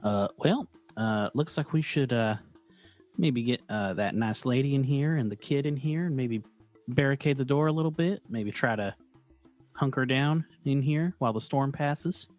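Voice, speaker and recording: A man's voice: medium pitch, moderate pace, a little mellow, faint music behind, natural voice. A man playing a plain-spoken army private, talking in a folksy, rambling drawl full of fillers.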